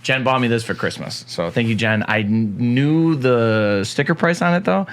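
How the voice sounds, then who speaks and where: A man's voice: mid-range voice, animated, normal speed, smooth. A man co-hosting a casual talk show, joking and teasing his partner in an upbeat way. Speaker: co-host. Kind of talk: casual morning show banter.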